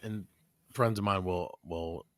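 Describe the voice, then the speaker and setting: A man co-hosting a podcast in casual, animated chat, swearing freely and joking around. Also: low voice, slow pace, no room sound, studio quality. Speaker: podcast co-host.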